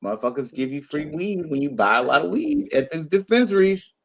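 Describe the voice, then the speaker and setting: A tipsy man hosting a casual chat, telling loud crude stories and laughing a lot. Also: fairly high pitch, sing-song, brisk, vocal fry. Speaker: talk show host.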